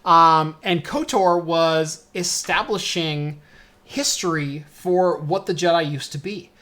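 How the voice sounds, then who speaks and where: Relaxed man rambling in casual chat. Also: fairly high pitch, slow. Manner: relaxed, talks in long rambling runs with "and whatnot"; hiccupping now and then. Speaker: show host.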